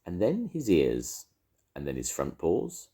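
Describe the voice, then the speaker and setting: Older grandad reading a kids' story, low dark voice, swoops all over the place. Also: male voice, takes it slowly. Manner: expressive, lilting. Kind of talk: children's story read aloud.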